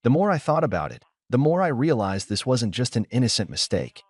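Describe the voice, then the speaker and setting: A man narrating a first-person story in a steady, measured way. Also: mid-range voice, breathy edge, no room sound.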